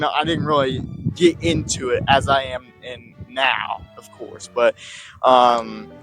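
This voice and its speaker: A man's voice: medium pitch, fairly bright tone, low-quality recording. A man talking casually about the history of his video channel, rambling with many restarts and asides. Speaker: video creator looking back on his channel.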